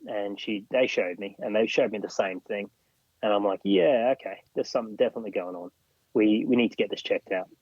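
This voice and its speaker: The audio is dull and echo-free as an Australian man speaks fairly quickly in a fairly low, slightly mellow voice with a breathy edge. Interviewed on a podcast, he tells a personal story and mimics other people's lines.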